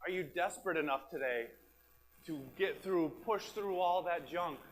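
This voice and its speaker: Here the pastor's voice is a little high and moves at a normal speed, and the recording is rough. He delivers his sermon in plain words, circling back to the same key phrases. At times he sinks to a whisper for emphasis before rising again.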